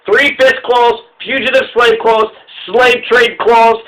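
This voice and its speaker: Man, from Colorado, high voice, rambling public talk, profane. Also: normal speed, hardly any pauses, a bit bright, low-quality recording. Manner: rambling, profane, restarts and corrects himself. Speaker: public speaker. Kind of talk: casual talk to an audience.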